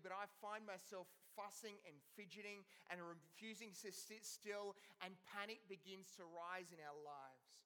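Aussie pastor guy, high bright voice, storytelling sermon, gets loud then goes real quiet. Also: moderate pace, few pauses, smooth. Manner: animated storytelling, swinging from loud to hushed. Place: church.

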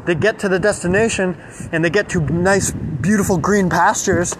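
A man's voice: high voice, fairly even intonation, moderate pace, background noise. A man giving a casual motivational talk, rambling with many fillers and asking "right?" again and again. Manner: rambling, filler-heavy, keeps checking with "right?". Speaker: self-help speaker.

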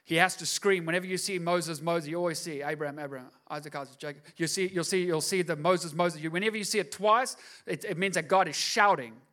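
A man's voice: a little high, fast, few pauses, bright, forceful tone. A male pastor preaching a sermon, telling the story casually with slangy, acted-out asides to his congregation.

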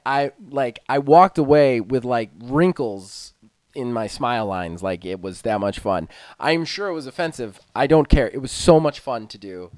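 A man co-hosting a gaming podcast, chatting casually in an excited, self-deprecating, rambling way. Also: mid-range voice, smooth, dry recording. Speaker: podcast co-host. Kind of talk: casual chat.

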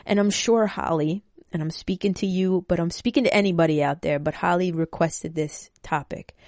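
A woman's voice: fairly low pitch, moderate pace, darkish tone, dry recording, studio quality. A woman speaking casually and emotionally, rambling and swearing freely as she talks to her listeners. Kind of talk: casual personal talk.

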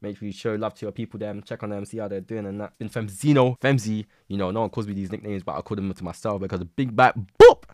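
A man's voice: on the low side, steady tone, fast talker, hardly any pauses, a little mellow, no room sound, studio quality. A young man from England, hosting a casual solo podcast, rambling and swearing with lots of energy. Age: young adult. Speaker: podcast host. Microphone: podcast microphone.

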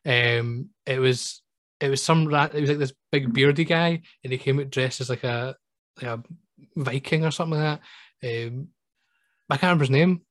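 A man co-hosts a casual podcast at an ordinary pitch, rambling through stories and checking in with "right?". His voice sounds dry and close. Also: moderate pace, fairly bright tone, dry recording. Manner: rambling storyteller, peppers talk with "right?" and "um". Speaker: podcast co-host. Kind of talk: casual chat.

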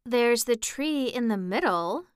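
A woman's voice: fairly high pitch, expressive, a little slow, smooth, no echo, clean studio sound, voice pushed up. A woman voicing a prim, severe female rose flower in a storybook reading, with a lecturing manner.

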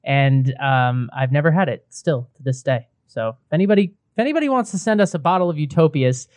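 A man co-hosting a beer podcast, chatting casually in a playful, excitable way. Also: a little high, brisk, no room sound. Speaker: podcast co-host. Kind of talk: casual chat.

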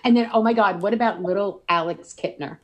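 A woman co-hosting a casual podcast chat, gushing and excitable, often exclaiming. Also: medium pitch, fairly quick. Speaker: podcast co-host.

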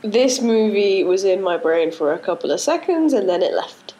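A woman's voice: mid-range voice, sing-song, moderate pace, dark tone. Blunt chatty woman on a podcast. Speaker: podcast co-host. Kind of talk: casual podcast chat.

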